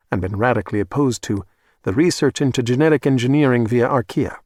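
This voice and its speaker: A man reading a suspense audiobook at a measured, steady pace, with a mid-pitched voice. The studio recording is close and dry, with no room sound. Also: dry recording. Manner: measured, even storytelling. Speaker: audiobook narrator. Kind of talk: scripted audiobook narration.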